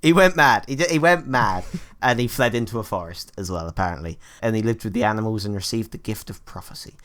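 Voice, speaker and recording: A man's voice: fairly low pitch, fast talker, a bit bright. A man co-hosting a casual gaming chat, who laughs often and stumbles over names. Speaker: gaming video co-host.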